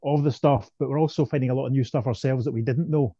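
A man's voice: medium pitch, steady tone, fast, dark tone, breathy edge, no room sound, muffled recording. A man co-hosting a podcast, chatting casually with frequent laughs and restarts. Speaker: podcast co-host. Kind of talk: casual chat.

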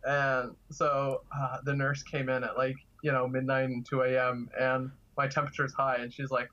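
A man's voice: mid-range voice, monotone, normal speed, hardly any pauses, sharp tone. Chatty man telling stories, lo-fi. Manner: chatty, laughs through anecdotes, lots of fillers. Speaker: guest, kidney donor. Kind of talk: casual storytelling.

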